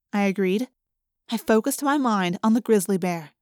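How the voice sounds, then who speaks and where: A woman's voice: medium pitch, normal speed, a little mellow, no room sound, clean studio sound. A woman reading a first-person storybook aloud and voicing the emotional dialogue expressively. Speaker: audiobook narrator.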